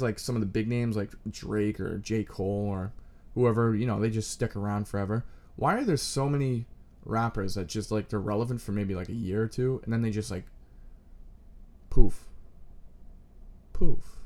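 A young man in his twenties, riffing in a crude, self-mocking, scattered comedic monologue with sudden loud outbursts. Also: lowish voice.

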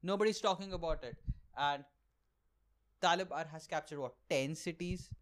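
Alone on his comedy podcast, this young comic from India rants in a loose, animated way, cursing without restraint and slipping into mock voices. He talks at a moderate pace in a slightly high voice.

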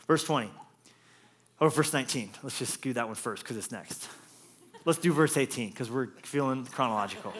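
A man preaching a lively, jokey sermon as pastor, acting out quotes with playful voices. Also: medium pitch, normal speed, long pauses, breathy edge.

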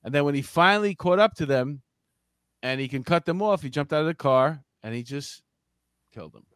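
A man's voice: a little high, fairly quick, smooth, no echo, clean studio sound. A man co-hosting a casual crime news podcast, telling stories in a joking, profane way and acting out the people in them. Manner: animated storytelling, acts out voices. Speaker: podcast co-host.

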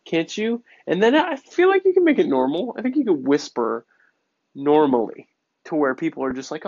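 A man's voice: a little high, sing-song, normal speed, darkish tone, dull audio. A man in casual chat, rambling in a hesitant way. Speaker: panelist.

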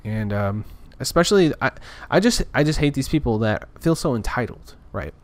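A man's voice: mid-range voice, lively intonation, moderate pace. A man talking in a casual, rambling rant, frustrated and full of restarts. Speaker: podcaster. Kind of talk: casual ranting monologue.

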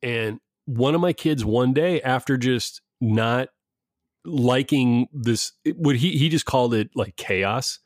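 A man's voice: medium pitch, slow, dry recording, studio quality. A middle-aged man and father talking casually, rambling with frequent restarts and laughs. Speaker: parent discussing schooling. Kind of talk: casual conversation.

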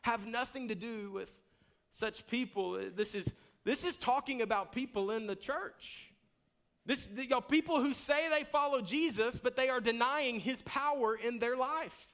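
A pastor, preaching a sermon with an emphatic, repetitive cadence that rises to near-shouts. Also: male voice, very high-pitched, measured pace.

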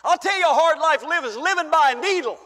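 An older man preaching a fervent sermon as pastor in a church, shouting praise and then dropping to a hush. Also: very high-pitched, expressive, fast talker. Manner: shouting, exclaiming hallelujah, swinging between loud and soft. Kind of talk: pentecostal sermon. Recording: church hall reverb.

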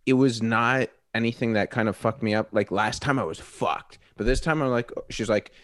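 A man's voice: medium pitch, moderate pace, no echo. Dry-sounding hesitant man. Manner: hesitant, trails off with fillers. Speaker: podcast co-host. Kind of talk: casual chat.

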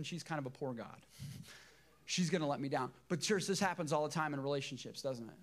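Middle-aged male pastor, emotional and emphatic sermon delivery, somewhat high-pitched voice. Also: fairly quick. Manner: emotional, emphatic preaching with repeated phrases.

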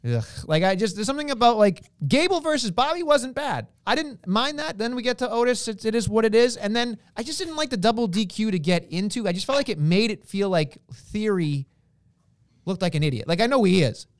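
A man co-hosting a casual podcast chat, animated, dragging out words for emphasis and throwing in playful exclamations. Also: high voice, a little fast, clear, resonant tone, dry recording, studio quality. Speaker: podcast co-host.

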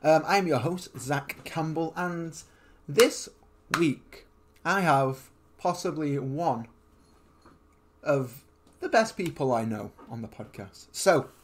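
A man's voice: on the high side, animated, slow pace, slight background noise. A man hosting a casual podcast over a voice call, rambling and self-mocking, often stumbling over his words. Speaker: podcast host. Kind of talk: casual chat.

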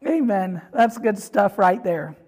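A woman's voice: medium pitch, animated, slow, a little mellow, husky. A woman teaching a Bible lesson on prayer in a conversational way, with frequent asides and fillers.

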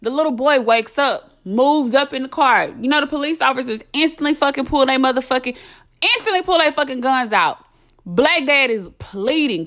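A woman's voice: sits high, moderate pace, a bit bright. A young adult woman hosting a podcast, delivering a blunt, impassioned monologue full of swearing and emphatic repetition. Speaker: podcast host.

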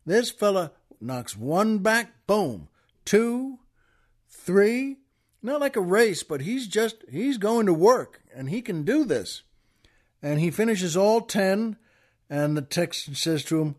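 A man's voice: high-pitched, very animated, slow pace. A man hosting a podcast, casually telling a joke as a rambling storyteller with many restarts. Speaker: podcast host.

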